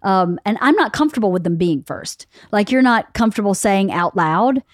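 A woman's voice: mid-range voice, lively intonation, moderate pace, no room sound, studio quality. A woman hosting a podcast, chatting casually with friends in a blunt, teasing way and swearing freely. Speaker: podcast host. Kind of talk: casual chat among friends.

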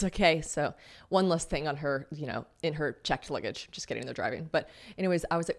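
Young woman podcast host, low voice, rapid chatty delivery with jokes. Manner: chatty, jokey, swears casually, reads ad copy brightly. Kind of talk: casual solo podcast chat.

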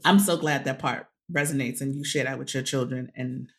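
A woman's voice: extremely low pitch, fairly even intonation, a little fast, a bit bright. A woman guest telling a personal story in conversation, emphatic, repeating phrases for stress and laughing often. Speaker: guest, activist and author.

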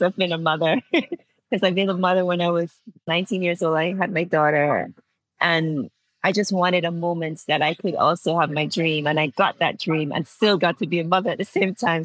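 A woman's voice: fairly low pitch, normal speed, no echo, rough recording. Heartfelt mother from Antigua. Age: 40s. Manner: heartfelt, laughs through tears, restarts phrases. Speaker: interview guest. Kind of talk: emotional personal storytelling.

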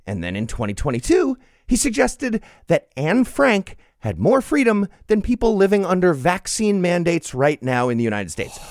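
A man's voice: high voice, big pitch swings, normal speed, few pauses, a little mellow, dry recording. Man, comedy podcast host, sarcastic storyteller, swooping voice, dry sound. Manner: sarcastic, reads quotes aloud with comic emphasis. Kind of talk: casual comedic news chat.

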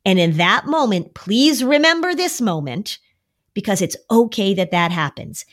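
A woman's voice: very animated, measured pace. A middle-aged woman therapist on a podcast, explaining to parents how to respond to a child's worry and now and then mimicking a whiny child. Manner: warm, coaching, acts out kids' voices in a high whine. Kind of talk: conversational advice podcast.

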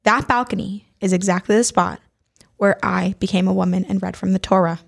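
A young woman co-hosting a podcast, chatting casually and telling animated stories with blunt opinions. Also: mid-range voice, brisk, vocal fry. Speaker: podcast co-host. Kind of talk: casual chat.

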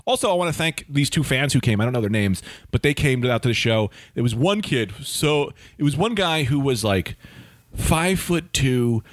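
Animated man spinning a wild comedy story. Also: mid-range voice, normal speed, dry recording, studio quality. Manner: animated, acts out voices in his stories. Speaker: comedian podcast host.

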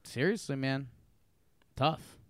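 A man's voice: mid-range voice, takes it slowly, dry recording, studio quality. A man co-hosting a podcast, chatting casually with wry, short replies. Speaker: podcast co-host. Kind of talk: casual comedic chat.

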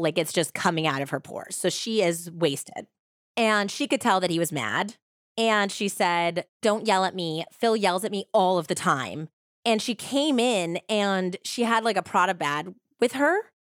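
A woman's voice: mid-range voice, animated, unhurried, no room sound, studio quality. A woman hosting a podcast, telling a true-crime story in a casual, chatty way with many "like" fillers. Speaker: podcast host.

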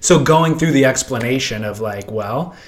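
A man's voice: medium pitch, animated, normal speed. A man co-hosting a casual podcast chat in a laid-back way, full of "like" and "you know". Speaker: podcast co-host.

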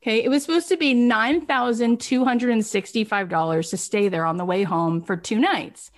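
A middle-aged woman business coach telling her students emphatic, animated stories. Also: a little high, moderate pace. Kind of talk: coaching talk.

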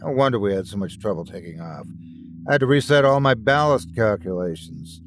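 A man's voice: on the low side, animated, a little fast, faint music behind. Give me a grumbling spaceship crewman, read by a man.

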